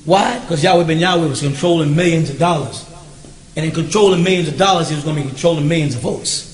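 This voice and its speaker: A man's voice: a little high, quick pace, echoey room. A man teaching a recorded question-and-answer class, speaking emphatically and often checking that his listeners follow him.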